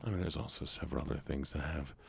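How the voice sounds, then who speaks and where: A man streaming a game in a soft-spoken way, chatting with his viewers in a relaxed manner. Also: extremely low pitch, racing, vocal fry.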